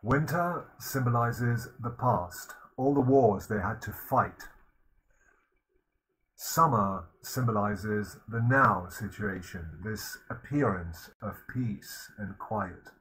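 A man lectures on literature in a measured, explanatory way, his voice sitting a little low. He pauses now and then to gloss words and ideas for his students. A faint hiss sits under the recording. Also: fairly bright tone, rough recording. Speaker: university lecturer.

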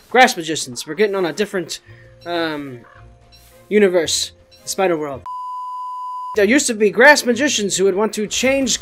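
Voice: medium pitch, lively intonation, normal speed, long pauses, fairly bright tone, soft background music. A gaming channel host giving casual let's-play commentary, goofy and rambling, swearing often.

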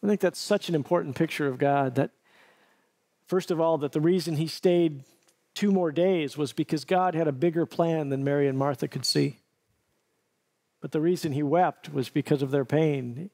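A man's voice: fairly high pitch, normal speed, darkish tone. A middle-aged man preaching a sermon, telling a story vividly and earnestly, often restarting his phrases. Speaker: pastor.

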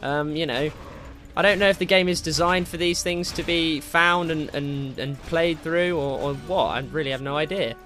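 Guy narrating his game run, bright punchy voice, hypes himself up, music faint behind. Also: on the high side, moderate pace. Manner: excitable, swears and taunts enemies. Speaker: gameplay commentator. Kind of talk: casual gameplay commentary.

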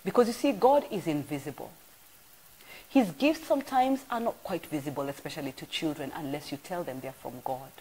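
A middle-aged woman with a Kenyan accent, preaching a sermon in an animated storytelling way that swings between loud and soft. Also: low-pitched, a little fast, breathy edge, poor audio. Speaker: pastor. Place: church broadcast.

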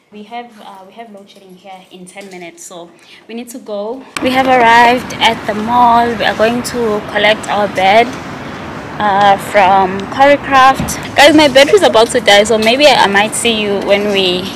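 A woman's voice: mid-range voice, noisy background. Casual vlogger, woman, 20s, mid-range voice, self-conscious rambling delivery, echoey room. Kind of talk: casual vlog chat to camera.

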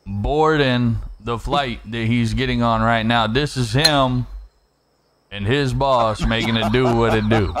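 A man's voice: medium pitch, steady tone, unhurried, noisy background. A man hosting a livestream, chatting casually and teasing friends and chat. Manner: joking, teasing banter with chat. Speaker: livestream host.

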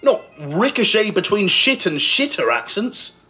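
High, lively male list narrator. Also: unhurried, faint music behind. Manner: sarcastic, mocking. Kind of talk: scripted narration.

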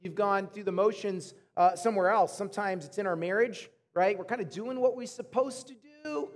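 A man in his thirties, a pastor telling stories in an animated, chatty way as he preaches to his church. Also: high-pitched, normal speed. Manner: animated, chatty storytelling to the congregation. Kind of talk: sermon. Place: church auditorium. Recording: long hall reverb.

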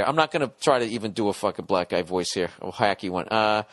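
A man's voice: fairly low pitch, lively intonation, quick pace, a bit bright. Profane, rambling male podcast host. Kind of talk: comedic solo podcast rant.

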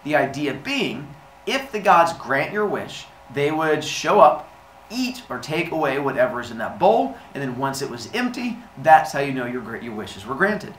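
A man's voice: a little high, big pitch swings, moderate pace, a bit bright. A male teacher giving a recorded lesson, chatty and casual, saying "like" a lot and acting out little scenes. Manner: chatty, says "like" often, acts out little scenes. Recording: echoey room, faint noise.

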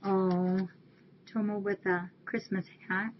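A woman's voice: mid-range voice, level tone, takes it slowly, slight background noise. A woman hosting a webcam stream, chatting casually as she reads holiday cards aloud and thanks the viewers who sent them. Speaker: shelter webcam host. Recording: dull lo-fi webcam audio.

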